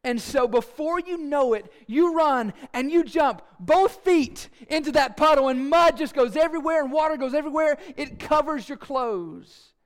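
A man preaching a sermon in an animated, playful storytelling way with asides. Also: extremely high pitch, normal speed, few pauses. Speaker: pastor.

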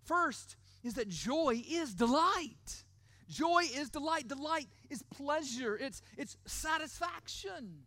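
Middle-aged guy preaching, hits key words slow and hard, keeps asking right?, dry close sound. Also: extremely high pitch, lively intonation, sharp tone, dry recording. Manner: emphatic, repeats key words slowly, asks the crowd "right?". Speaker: pastor. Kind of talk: sermon.

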